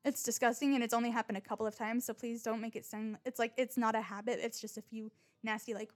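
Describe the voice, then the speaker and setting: A young woman with a somewhat high voice in an unscripted confessional monologue. She rambles from one point to the next, speaks bluntly, and swears freely while making fun of herself. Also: fairly even intonation, fast, hardly any pauses. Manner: rambling, blunt, frequent swearing and self-mockery. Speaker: podcast host.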